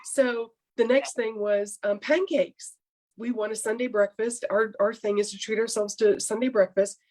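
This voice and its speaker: A middle-aged woman, a coaching client, telling her story candidly in an interview and acting out her own past remarks with lively energy. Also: a little high, normal speed.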